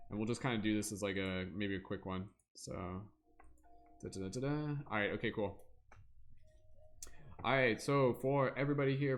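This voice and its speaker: Chatty man hosting a tarot livestream. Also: on the low side. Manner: loose and chatty, with many fillers and hummed "da da da". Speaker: livestream host doing tarot readings. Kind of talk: casual livestream chat.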